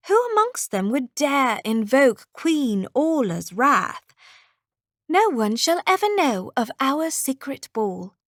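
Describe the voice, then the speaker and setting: A woman voicing a calm princess who speaks in a formal, old-fashioned way. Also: sits high, dry recording, clean studio sound, voice pushed up, full character voice.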